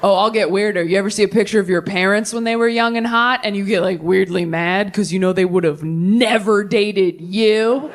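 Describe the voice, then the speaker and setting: A woman in her thirties performing a stand-up comedy set on a theater stage, telling deadpan stories with quick voiced asides into a handheld mic. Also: medium pitch, slight background noise. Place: theater stage before a live audience.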